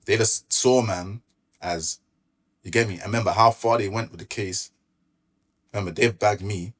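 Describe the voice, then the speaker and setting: A man with a London accent tells his story in a relaxed, slang-filled way, often acting out what others said. His voice sits low and has a husky edge. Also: normal speed. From Brixton, London. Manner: laid-back street slang, recounts events with quoted dialogue. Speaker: podcast guest. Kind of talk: casual storytelling interview.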